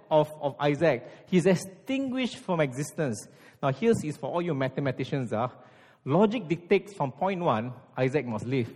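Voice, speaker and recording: Guy preaching, kinda high voice, lots of rhetorical questions, sometimes goes hushed, big echoey hall. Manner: emphatic, rhetorical questions, drops to hushed intensity. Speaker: pastor. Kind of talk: sermon. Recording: long hall reverb.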